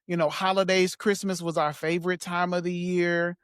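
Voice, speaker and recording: A man as a podcast guest, talking in a soft, halting way with small laughs as he reflects on personal memories. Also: high-pitched, level tone, smooth, no echo, clean studio sound.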